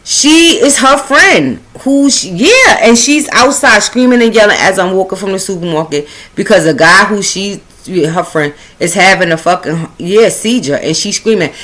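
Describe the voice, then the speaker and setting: A woman telling a casual, profane story in a loud-and-hushed, animated way as a spiritual storyteller. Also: medium pitch, moderate pace, hardly any pauses.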